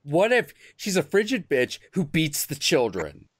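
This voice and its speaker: A man hosting a loose, profane chat, telling stories and jumping into squeaky voices for the characters. His pitch swings widely and the sound is very dry and close. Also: measured pace, no echo. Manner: crude, animated storytelling with sudden high squeaky impressions. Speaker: host. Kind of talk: casual chat.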